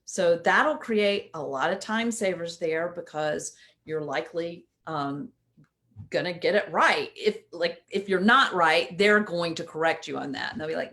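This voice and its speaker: A woman's voice: on the low side, a little slow, sharp tone. A woman coach giving a casual instructional talk in a conversational way, often checking in with "right?".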